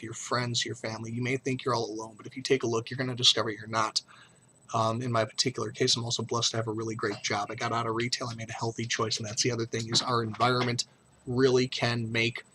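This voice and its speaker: Blunt, bright-voiced middle-aged man. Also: medium pitch, a little hiss or hum. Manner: blunt, profane, earnest and emotional. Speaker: vlogger. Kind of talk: frank personal vlog talk.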